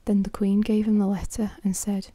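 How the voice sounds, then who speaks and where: A woman whispering a fairy tale close to the microphone as a whispered role-play, pausing to correct herself. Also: mid-range voice, monotone, mellow, no echo. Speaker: ASMR storyteller.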